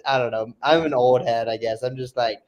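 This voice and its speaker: A man's voice: medium pitch, steady tone, fairly quick, muffled recording. A man co-hosting a casual live stream, calling plays and chatting about the game in an easygoing way. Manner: easygoing, calls plays, laughs often. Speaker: co-host.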